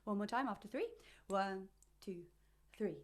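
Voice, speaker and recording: A woman leading a choir's vocal warm-up over a video call, explaining with playful images and chatty asides. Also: mid-range voice, a little slow. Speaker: vocal coach.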